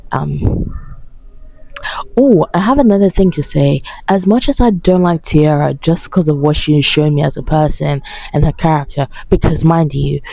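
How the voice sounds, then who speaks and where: Sarcastic young woman with gravelly voice. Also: sits low, a little mellow, no room sound, poor audio. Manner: sarcastic, swearing, heated. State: tired. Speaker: vlogger reacting to a reality show. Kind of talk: casual reaction rant.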